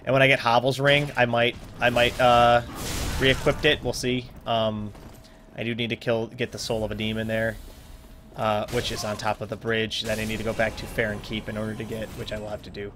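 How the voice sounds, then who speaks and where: A man's voice: on the low side, monotone, a little fast, fairly bright tone, slight background noise. A young man casually commenting on his own gameplay, rambling, joking at himself and trailing off into mumbles. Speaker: let's play host.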